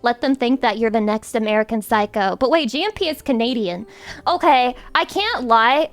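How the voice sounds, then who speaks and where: Woman, streamer, high voice, animated, swearing, joking rants, casual livestream chat. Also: normal speed, faint music behind.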